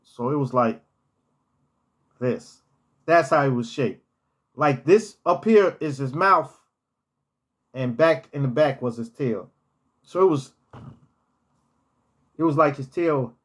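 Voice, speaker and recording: A man's voice: mid-range voice, lively intonation, slow, long pauses, breathy edge. A man telling personal stories in a casual storytime vlog, rambling and often repeating words and restarting his phrases.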